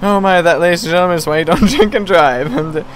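A man's voice: high voice, quick pace, a little hiss or hum. A young man giving jokey, self-mocking let's play commentary, laughing often. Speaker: gameplay commentator.

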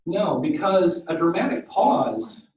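A man giving a podcasting workshop to a live audience, animated and jokey, acting out quoted exchanges. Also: on the high side, slow pace, a little hiss or hum. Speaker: workshop presenter. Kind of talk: conference talk with slides and Q and A. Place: conference room. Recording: roomy, distant room mic.

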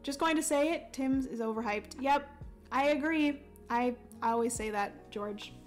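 A young woman on a livestream talks casually while playing a solo board game, giggling often and stopping with ums to explain the rules. Her voice sits somewhat high. Soft music runs faintly behind her. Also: normal speed. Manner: chatty and giggly, reads chat aloud, explains rules with many ums. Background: faint background music.

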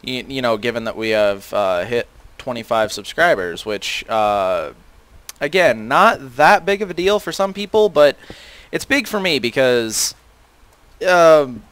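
A man's voice: mid-range voice, animated, unhurried, a bit bright, clear, resonant tone. A teenage boy casually commentating a video game, rambling with many fillers and self-deprecating asides. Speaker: gaming channel host.

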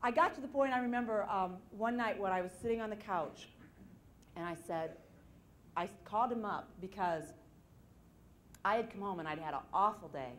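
A woman's voice: mid-range voice, moderate pace, pauses often, reverberant, a little hiss or hum. A woman giving a live seminar talk on stage to an audience, telling personal stories with self-deprecating humor and acting out the voices in them. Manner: animated storytelling, acting out quoted voices. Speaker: motivational seminar speaker.

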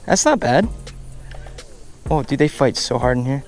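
A man casually talking through a fishing vlog outdoors at a pond, bursting into excited exclamations. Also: mid-range voice, unhurried, creaky, pauses often, faint music behind. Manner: excitable, bursts into loud exclamations over catches. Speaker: fishing vlogger.

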